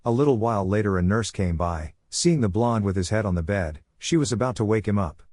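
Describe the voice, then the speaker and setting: A man narrating a fan-fiction story as an audiobook in a steady, even reading. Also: on the low side, brisk, no room sound, studio quality.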